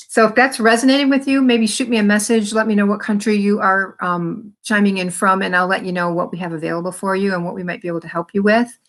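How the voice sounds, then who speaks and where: Woman coaching viewers on calming. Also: medium pitch. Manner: friendly, encouraging, direct address to viewers. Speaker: wellness coach. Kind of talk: casual talk to camera.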